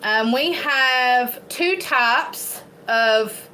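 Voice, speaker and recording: A woman's voice: a little high, very slow, pushed and bright, slight background noise, low-quality recording. A woman from Eastern Kentucky with an Appalachian accent, chatting casually and rambling as a homestead vlogger, laughing often. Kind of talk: casual chat to camera.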